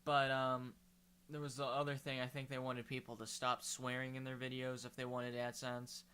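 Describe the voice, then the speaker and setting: Male YouTuber, rambling and hesitant, bright voice. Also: mid-range voice, monotone, normal speed, smooth. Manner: rambling, hesitant, with many fillers. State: hiccuping. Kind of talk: casual vlog commentary.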